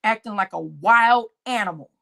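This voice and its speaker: A woman's voice: mid-range voice, moderate pace, creaky, pushed and bright. A woman hosting a livestream reaction show, talking indignantly and mockingly in casual commentary. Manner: indignant, mocking, repeats lines with laughter.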